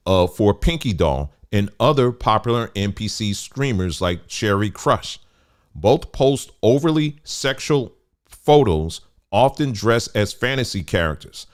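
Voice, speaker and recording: Low-voiced man reading with heated asides. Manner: conversational, stops to add remarks, gets heated. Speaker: commentary host. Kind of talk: reading an article aloud with commentary.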